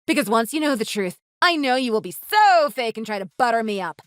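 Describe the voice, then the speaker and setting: An earnest, fed-up young wife who scolds with lively, rising-and-falling pitch, as a woman voices her. Her tone stays fairly high. The take is dry and close, with music playing faintly underneath. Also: brisk, no room sound, lightly acted. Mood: indignant. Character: indignant young wife defending her family. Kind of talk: voiced texting story.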